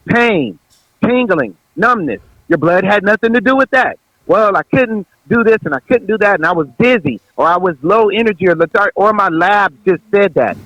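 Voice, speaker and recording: A man giving a preachy, forceful talk on health as a guest naturopath. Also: high-pitched, no room sound, dull audio.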